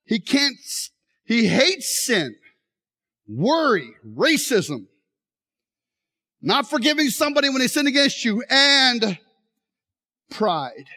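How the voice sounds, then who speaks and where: Animated high-voiced preacher. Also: male voice, takes it slowly, long pauses. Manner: animated storytelling, acts out voices. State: injured leg, straining. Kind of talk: sermon with live demonstration.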